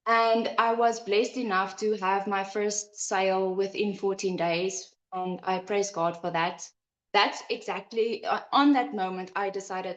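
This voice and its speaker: A woman gives an earnest personal testimonial, speaking in a middle-pitched voice. She tells her story with feeling and re-enacts her own past thoughts. The recording sounds roomy and a little muffled. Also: slow. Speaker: online business member sharing her story.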